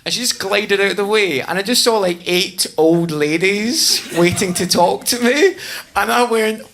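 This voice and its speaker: Animated Glaswegian stand-up comic. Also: male voice, high voice, moderate pace. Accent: Scottish, Glasgow. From Scotland. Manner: animated, laughing storyteller. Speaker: stand-up comedian. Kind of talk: stand-up comedy. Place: comedy club stage.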